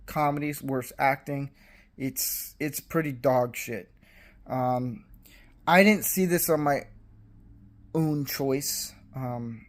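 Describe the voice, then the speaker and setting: A man giving a casual, blunt and dismissive movie review, rambling with fillers. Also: medium pitch.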